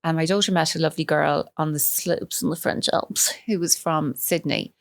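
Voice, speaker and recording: A woman in her fifties with a Cork Irish accent, chatting as a podcast guest, laughing often and acting out quick quotes. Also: sits low, steady tone, creaky, dry recording, studio quality. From Ireland. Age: 50s. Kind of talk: casual chat.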